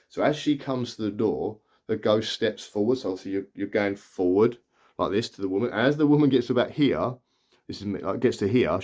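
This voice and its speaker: A man's voice: on the low side, a little mellow. A man, chatting casually and rambling through a film plot, often restarting his sentences. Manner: rambling, chatty, full of restarts and acted-out quotes. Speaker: film reviewer. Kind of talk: casual spoken film recap.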